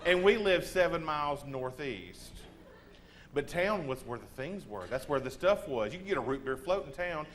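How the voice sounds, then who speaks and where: A man in his forties tells comic stories in a Texan drawl. His slightly high voice stays lively and self-mocking. A faint hiss sits under the speech. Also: normal speed. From Texas. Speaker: humorous speaker.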